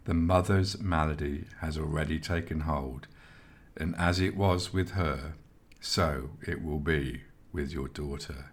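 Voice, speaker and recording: Man reading a sad old healer lady, hushed and grave, deep low voice. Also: fairly even intonation, measured pace, breathy edge, heavily acted. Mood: solemn. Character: eldest old healer woman, solemn, sad.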